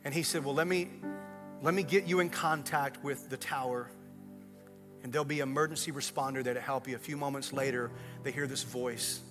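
A man preaching a sermon, retelling a story with swings from hushed lines to loud, excited passages. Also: mid-range voice, a little fast, music in the background. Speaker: pastor.

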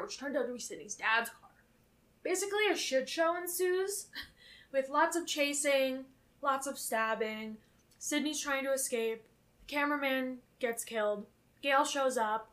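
Brief: young woman podcast co-host, fairly high and bright, animated and foul-mouthed. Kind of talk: casual chat recapping a film.

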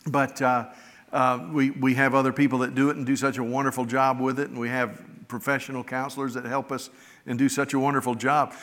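A man's voice: medium pitch, a bit bright. A middle-aged man preaching a sermon as a pastor, telling stories in a folksy, earnest, conversational way. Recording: long reverb of a large hall.

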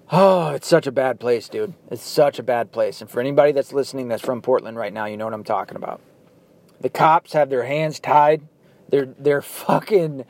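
A man's voice: on the high side, darkish tone. A man hosting his own podcast, ranting angrily and profanely, firing off rhetorical questions. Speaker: podcast host. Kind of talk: angry political rant.

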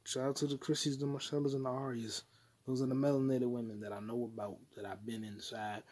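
Talking fast in a level, medium-pitched, slightly mellow voice, a man hosts a solo podcast. His talk is crude and profane, hopping from topic to topic, with mock voices thrown in.

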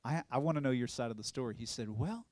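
A male evangelist shares his testimony from the pulpit, a lively storyteller who slips into the voices of the people in his story and laughs easily. His voice sits at an ordinary middle pitch. The sound is dry and close, with little room around it. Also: fast, no echo. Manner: animated storytelling, acts out quoted voices, laughs often. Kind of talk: testimony sermon.

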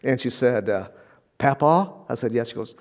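A man's voice: medium pitch, fairly even intonation, quick pace, vocal fry, a little mellow. An older man preaching a sermon in a conversational, storytelling way, often repeating words and chuckling. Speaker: pastor.

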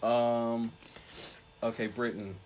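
A man's voice: medium pitch, level tone, slow pace, a little mellow, a little hiss or hum. A young man co-hosting a podcast in casual chat, laid-back and laughing a lot, often stumbling over his words. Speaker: podcast co-host.

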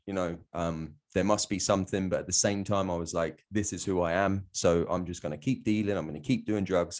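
Lowish voiced guy from the south, swears a lot, laughs through his story. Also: darkish tone. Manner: blunt, sweary, laughs often. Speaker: guest. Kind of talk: candid storytelling.

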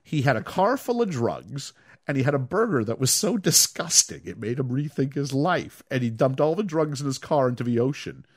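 Male podcast host, animated storyteller, expressive pitch, dry close mic. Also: normal speed, breathy edge, no room sound. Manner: animated storyteller, acts out lines and hums tunes. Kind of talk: casual chat recapping a film.

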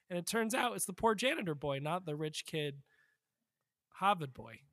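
A man with a bright, slightly high voice rambles through a joking movie recap in casual podcast chat. The sound is dry and close to the mic. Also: expressive, moderate pace, no echo. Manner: rambling joking plot summary. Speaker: podcast co-host.

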